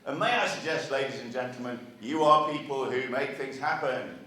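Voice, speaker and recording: A man's voice: mid-range voice, moderate pace, pushed and bright. A man giving a marketing speech to a live audience at a regional meeting, chatty and full of rhetorical questions put to the room. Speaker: marketing speaker. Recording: echoey hall, mic far off.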